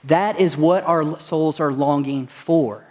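A man's voice: fairly high pitch, slow pace, darkish tone, in a large hall. A male pastor preaching a sermon to his congregation in a church, telling stories earnestly and asking rhetorical questions. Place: church sanctuary.

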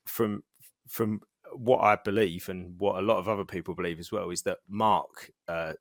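A man's voice: fairly low pitch, a bit bright, no echo, clean studio sound. A British man hosting a casual podcast chat, rambling with many restarts and fillers. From Britain. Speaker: podcast host.

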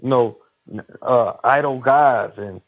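A preachy man leans into his words and stretches out each exhortation. His voice sits at an ordinary middle pitch. It comes through narrow and tinny, like a phone line. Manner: preachy and emphatic, drawn-out exhortations. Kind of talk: casual religious chat.

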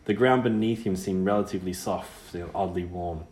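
A man reads a storybook aloud in a measured, expressive manner. His voice sits low. The recording has a roomy, echoey sound. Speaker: audiobook reader. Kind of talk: storybook narration.

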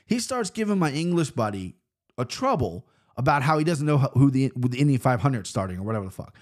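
A man's voice: mid-range voice, lively intonation, fairly quick. Profane, rambling American man. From United States. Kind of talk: casual storytelling monologue.

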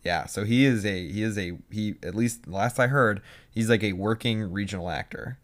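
Low-voiced young man telling animated stories. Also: normal speed. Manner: animated storytelling with quoted asides. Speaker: podcast co-host. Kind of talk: casual chat.

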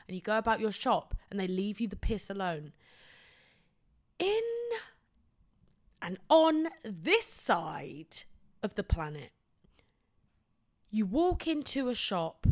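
A woman's voice: mid-range voice, very animated, takes it slowly, long pauses. A British woman hosting a podcast, telling a comic story in a blunt, sweary, self-deprecating way. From Britain. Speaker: podcast host.

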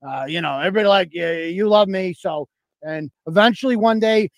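Guy doing a shady husband rambling on a voicemail, kinda high voice, dry sound. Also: fairly quick, gravelly, no room sound. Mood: smarmy. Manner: rambling, sheepish confession full of fillers. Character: sleazy scheming husband leaving a voicemail.

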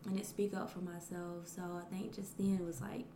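A woman's voice: fairly low pitch, flat delivery, brisk, noisy background. Hesitant, reflective woman in an echoey room. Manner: hesitant, reflective, laughs often. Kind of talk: casual podcast conversation. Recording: roomy echo.

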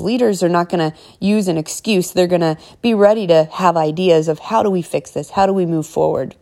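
A woman's voice: lowish voice, warm tone. A woman hosting her own podcast, talking casually to listeners in a rambling way, with restarts and many asides to them. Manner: rambling and conversational, restarts, addresses listeners directly. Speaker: podcast host; store manager. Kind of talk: casual solo podcast talk.

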